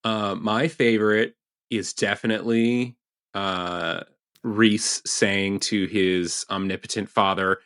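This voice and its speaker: A man's voice: on the low side, steady tone, slow, a bit bright, smooth, dry recording, studio quality. A man guesting on a podcast interview as a TV writer, chatty and self-interrupting as he tells stories.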